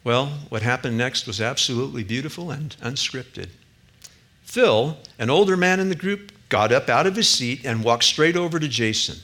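A man preaching a sermon as a pastor, earnest, rising to emphatic peaks and dropping quiet again. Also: mid-range voice, expressive, moderate pace.

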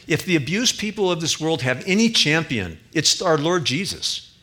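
A man preaching a sermon as a pastor, earnest, rising to emphatic peaks and dropping quiet again. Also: a little high, sing-song, normal speed.

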